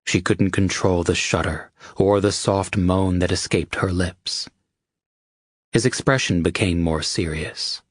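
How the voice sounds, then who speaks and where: A man narrating an audiobook with a steady, measured reading. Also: low voice, no echo, studio quality. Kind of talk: scripted narration.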